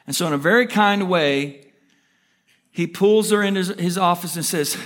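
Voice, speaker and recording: Energetic rushing male pastor preaching. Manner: energetic, rushing storyteller with rising emphatic pitch. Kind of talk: sermon.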